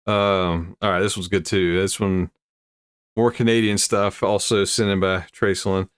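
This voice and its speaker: A man's voice: low-pitched, level tone, measured pace, smooth, no echo, clean studio sound. A man hosting a casual live-streamed chat about odd news stories, laughing often and rambling as he reacts to viewer comments. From United States. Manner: chuckling, rambling, self-interrupting. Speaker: streamer host.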